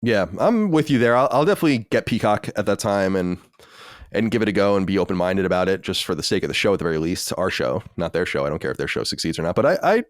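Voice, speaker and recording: Fast-talking low-voiced man, podcast co-host. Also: expressive, no echo, clean studio sound. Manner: quick, opinionated, restarts often. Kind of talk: casual chat.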